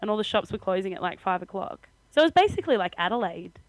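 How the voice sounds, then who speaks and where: A woman's voice: medium pitch, big pitch swings, fast, no room sound, poor audio. A young Australian woman co-hosting a podcast, telling a story in casual chat with frequent laughter. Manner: chatty storytelling, laughs often. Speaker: podcast co-host.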